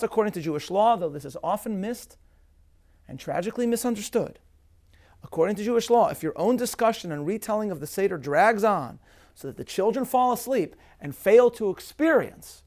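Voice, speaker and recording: A rabbi giving a measured, emphatic scripted lecture on a religious festival, with Hebrew terms woven in. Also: male voice, sits high, a little mellow.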